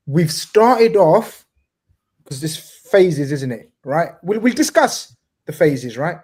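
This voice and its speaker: Man, live-stream host, excitable, casual swearing, slightly high voice. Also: takes it slowly, slightly rough.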